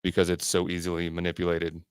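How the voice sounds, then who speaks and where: A man's voice: deep voice, monotone, quick pace, smooth, dry recording, clean studio sound. A man co-hosting a podcast in casual chat, blunt and ranting, swearing often. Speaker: podcast co-host.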